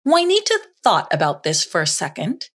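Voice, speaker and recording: A woman narrating a children's story in a slow, expressive reading voice. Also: fairly low pitch.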